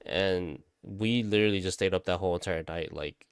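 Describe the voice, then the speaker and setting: A man's voice: low voice, a little fast, clear, resonant tone, no room sound, clean studio sound. A man casually telling a spooky story, rambling, repeating himself and swearing often. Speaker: vlogger.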